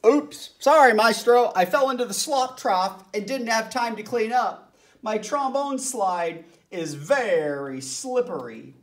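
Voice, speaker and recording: A woman's voice: fairly high pitch, animated, takes it slowly, distant mic, pitched above the performer's own voice. Woman voicing a pig trombonist, messy, sheepish, apologetic, children's story.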